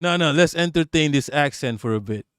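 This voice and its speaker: A man's voice: fairly high pitch, lively intonation, fairly quick, clean tone, no room sound, clean studio sound. A man live-streaming, reacting to a video and his chat in brash, profane casual talk.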